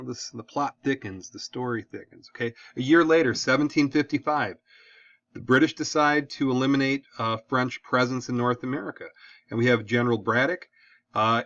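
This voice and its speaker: A man from the Detroit area teaches a history lesson in a relaxed, conversational way, often asking "okay?". His voice sits at an ordinary pitch for a man. The recording is dry and somewhat dull. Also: dry recording. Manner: casual, chatty, asks "okay?" again and again. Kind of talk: recorded classroom lecture.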